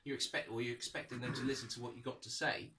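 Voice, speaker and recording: A man co-hosting a casual football podcast, rambling and restarting as he argues his point calmly. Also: mid-range voice, fast, recorded from a distance, slight background noise. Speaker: podcast co-host.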